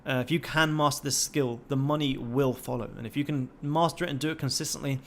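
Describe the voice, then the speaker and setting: A man's voice: mid-range voice, fairly even intonation, quick pace, slight background noise. A young man hosting a trading livestream, talking casually and swearing constantly in a pumped-up, motivational way.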